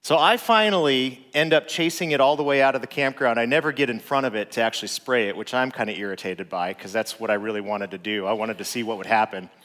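Casual storyteller dad with reverb. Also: male voice, medium pitch, fast, few pauses. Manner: relaxed, conversational, frequent "like" fillers. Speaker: father telling a personal story. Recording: long reverb.

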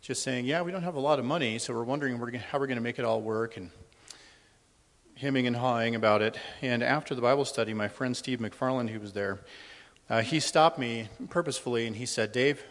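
A middle-aged man with a medium-pitched voice speaks briskly as he shares a personal testimony with a congregation in a church hall. His delivery is conversational and a little nervous, full of ums and restarts. A long hall reverb trails his words.

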